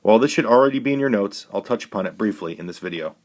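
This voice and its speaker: Measured male teacher, lower voice. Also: expressive. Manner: clear, measured, instructive. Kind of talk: recorded classroom lesson.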